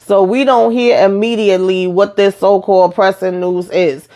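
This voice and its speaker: A woman's voice: mid-range voice, normal speed. A woman giving a casual, chatty recap of a TV episode, retelling scenes with asides and acting out the lines. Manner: chatty, animated retelling with asides and acted-out quotes. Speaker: recap host.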